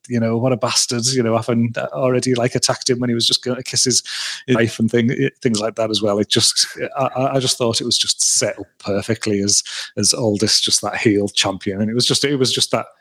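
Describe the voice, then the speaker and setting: A man's voice: mid-range voice, little pitch movement, fairly quick, a bit bright, husky. A man co-hosting a casual podcast, rambling with many restarts and fillers. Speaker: podcast co-host. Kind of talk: casual wrestling review chat.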